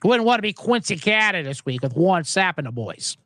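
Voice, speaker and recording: A man imitating a gruff older male sportswriter with a Boston accent, speaking bluntly and emphatically. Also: high-pitched, sing-song, a little fast, a bit bright, dry recording, clean studio sound. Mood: wry.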